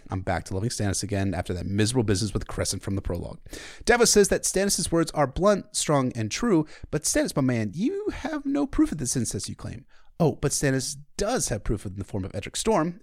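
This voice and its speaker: A man hosting a podcast, retelling a book in a casual, chatty way with irreverent asides. His pitch swings about lively as he talks. The recording is dry and close. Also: a little fast, no echo. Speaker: podcast host.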